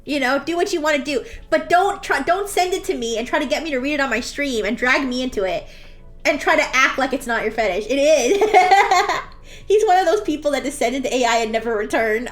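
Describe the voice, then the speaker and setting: A woman's voice: high voice, expressive, brisk, a bit bright, soft background music. A woman streamer chatting casually and candidly while drawing, telling a story with laughs.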